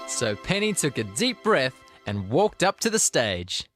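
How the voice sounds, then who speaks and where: Lively storybook narrator. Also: mid-range voice, a little slow, music in the background. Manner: lively, expressive.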